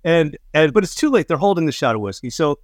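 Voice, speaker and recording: A man's voice: a little high, big pitch swings, quick pace, no room sound, studio quality. A man telling loose, profane stories in casual chat, stumbling through restarts and stammers as a comedian and director. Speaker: comedian and film director, podcast guest.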